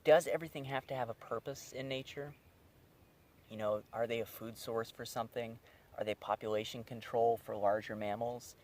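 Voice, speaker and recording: A young man filming a fishing vlog outdoors by a creek, talking straight to his viewers with excitable energy. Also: mid-range voice, moderate pace. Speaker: wildlife vlogger.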